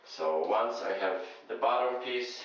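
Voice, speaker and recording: A man's voice: lowish voice, unhurried, fairly bright tone, slight background noise. Man, tile installer, methodical, hesitant, muffled echoey bathroom recording. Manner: methodical, hesitant with frequent fillers. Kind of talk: step-by-step how-to narration. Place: bathroom under renovation. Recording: very echoey room, dull sound.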